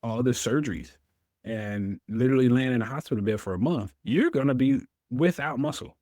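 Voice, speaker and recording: A man's voice: mid-range voice, brisk, no room sound. Guy telling his story on a podcast, voices his old self, dry close mic. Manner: animated storyteller, acts out his own past words. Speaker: interview guest, Air Force veteran.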